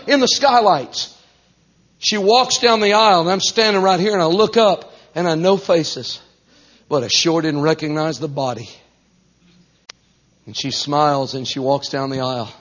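High, husky preacher man. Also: long reverb tail. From South Arkansas. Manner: fervent, bursts into shouts and whoops. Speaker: traveling Pentecostal preacher. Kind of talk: fiery revival sermon storytelling. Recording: dull lo-fi recording.

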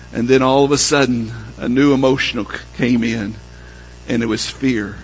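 A man preaching a sermon, telling a story and dropping low and soft when he quotes the people in it. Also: slight background noise, low-quality recording. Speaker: pastor.

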